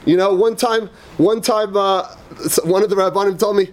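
A rabbi with a notably high voice lectures yeshiva students with emphatic, repetitive conviction. He weaves personal anecdotes into his teaching and sprinkles Hebrew and Yiddish terms through his English. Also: steady tone, moderate pace, background noise. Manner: emphatic, repeats phrases, tells personal anecdotes.

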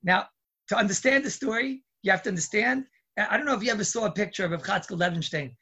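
Gravelly, bright-voiced man telling stories. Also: high-pitched, fast talker. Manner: lively, digressive, chatty. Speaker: storyteller. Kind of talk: casual storytelling to children.

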